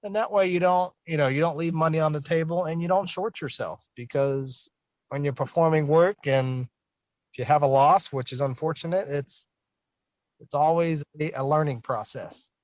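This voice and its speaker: A man with a somewhat high voice gives easygoing, practical advice in plain words. The sound is dry and close. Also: moderate pace, no room sound, poor audio. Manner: relaxed, plain-spoken advice. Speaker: estimator coach. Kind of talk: online panel discussion.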